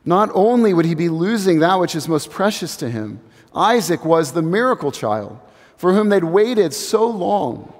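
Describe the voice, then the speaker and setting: A man in his thirties delivers a sermon in an earnest, reflective way, letting key phrases fall to a hush. His voice sits a little high. The sound carries the long reverb of a large sanctuary. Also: sing-song. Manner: earnest, reflective, building slowly to hushed emphasis. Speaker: pastor.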